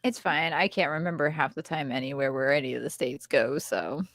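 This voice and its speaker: A woman's voice: low voice, fairly bright tone, no echo, studio quality. A woman co-hosting a podcast in casual chat, dropping wry quips. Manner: wry, quick quips and laughs. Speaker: podcast co-host.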